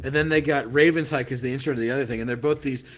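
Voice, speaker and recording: A man co-hosting a podcast in casual chat, excitable and profane, laughing often and tripping over his words. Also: medium pitch, very fast, slight background noise. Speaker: podcast co-host.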